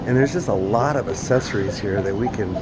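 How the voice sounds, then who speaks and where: A man's voice: fairly low pitch, a little fast, heavy background noise. Jokey male vlog host. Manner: jokey, chatty, playful asides. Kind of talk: casual vlog narration. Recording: background music.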